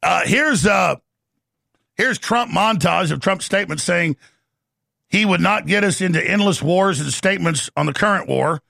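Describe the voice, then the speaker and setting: A man hosting a talk show, delivering an excitable rapid-fire ranting monologue with frequent shouting. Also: high-pitched, gravelly, no room sound, studio quality.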